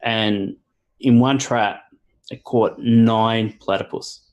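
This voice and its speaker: A man with an Australian accent in a casual online chat, swearing often and pausing with fillers. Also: lowish voice, fairly even intonation, a little mellow, dull audio. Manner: swears a lot, halting with fillers. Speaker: guest.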